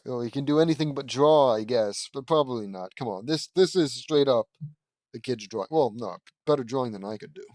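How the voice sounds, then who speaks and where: Man, casual read-aloud, rambling asides, mid-pitched voice, dry close sound. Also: brisk, darkish tone, no echo. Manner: rambling, self-correcting, offhand asides. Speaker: audiobook reader and commentator.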